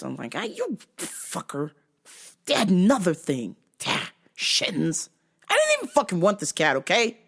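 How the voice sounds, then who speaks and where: A woman hosting a vlog, ranting in a casual, comedic way and swearing often as she tells stories. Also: sits low. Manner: profane, animated storytelling with frequent swearing. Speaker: vlog host.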